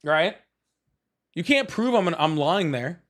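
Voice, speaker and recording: Sarcastic high-voiced male streamer. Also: expressive, a little slow. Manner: sarcastic, mocking, teasing. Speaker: live stream host. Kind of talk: live political call-in stream.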